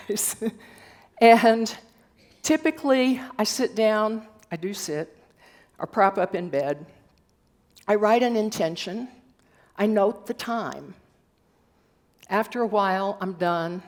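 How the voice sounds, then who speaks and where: An older woman giving a sermon at a spiritual center, telling stories with gentle humor and a measured delivery. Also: mid-range voice. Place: church hall.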